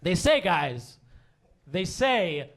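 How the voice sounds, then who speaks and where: High, lively-voiced stand-up comedian man. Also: vocal fry. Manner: self-deprecating, halting with fillers and restarts. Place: comedy stage before a live audience.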